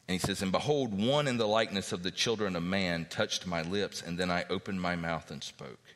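A man preaching a sermon, reading scripture aloud and acting out what the characters say in an animated way. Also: low-pitched, brisk, in a large hall. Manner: animated, acts out biblical characters' speech.

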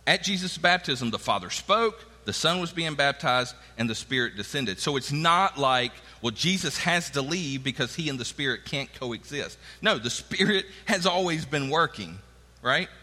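A man's voice: medium pitch, expressive, moderate pace, sharp tone, long reverb tail. A man preaching a sermon in a conversational way, acting out the quoted lines of the people in his stories. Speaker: pastor.

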